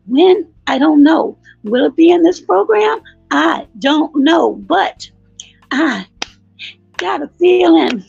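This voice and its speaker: A woman doing a fervent preacher who rouses her congregation with a high, sing-song cadence. The voice has a gravelly edge. The sound is dry and a little dull, with faint music underneath. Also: darkish tone, no echo, exaggerated voice. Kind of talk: mock sermon.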